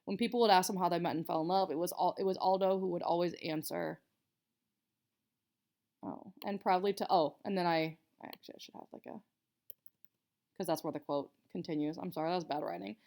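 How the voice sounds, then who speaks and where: Chatty woman teacher with gravelly fry. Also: on the low side, fairly even intonation, a little fast, pauses often, warm tone. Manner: chatty, filler-heavy explaining with many "like"s. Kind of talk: casual recorded writing lesson.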